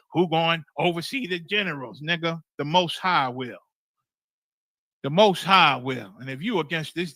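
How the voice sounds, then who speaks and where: A man's voice: medium pitch, pushed and bright, no echo. A man leading a scripture study on a livestream, preaching in a fiery, blunt and profane way with emphatic repetition.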